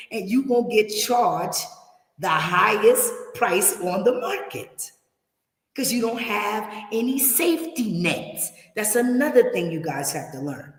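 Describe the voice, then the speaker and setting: A woman's voice: medium pitch, animated, measured pace. A woman hosting a livestream of relocation advice, warning viewers in an emphatic, straight-talking way and repeating her points. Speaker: relocation services host. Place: her home in Kenya. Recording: roomy echo.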